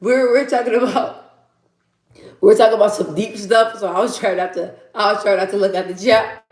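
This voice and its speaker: A woman's voice: medium pitch, fairly even intonation, brisk, darkish tone. A young woman hosting a casual livestream, laughing often and chatting with her viewers as she reads the chat. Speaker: livestream host. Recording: echoey room.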